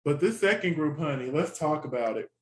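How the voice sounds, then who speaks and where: A man co-hosting a casual review chat, animated and laughing often. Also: a little high, brisk, low-quality recording. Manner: chatty and animated, laughs often, quotes reactions. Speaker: co-host reviewing a TV competition.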